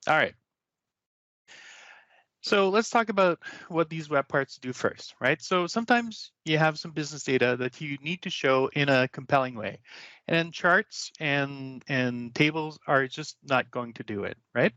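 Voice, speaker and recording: A man presenting his software demo on an online community call, in a chatty, self-deprecating way with lots of fillers. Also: a little high, unhurried, no echo. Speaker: cloud solution architect presenting a demo. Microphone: computer mic on a video call. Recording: dull, dry video-call audio.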